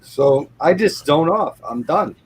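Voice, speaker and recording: A man's voice: on the high side, animated, takes it slowly, breathy edge. A man hosting a live show, telling rambling everyday stories and swearing freely in casual chat.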